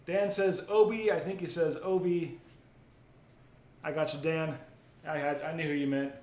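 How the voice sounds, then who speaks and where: A man's voice: fairly high pitch, steady tone, moderate pace, darkish tone. A man hosting a live card break, chatting casually while opening packs and reading out viewer comments. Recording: roomy echo, faint ambient noise.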